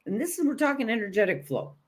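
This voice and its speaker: A woman's voice: on the high side, big pitch swings, fast talker. Emphatic, blunt woman coaching on energy. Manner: emphatic, repetitive, blunt, swears casually; conversational, with frequent restarts and fillers. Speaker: energy and self-love coach. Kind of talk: motivational spiritual talk.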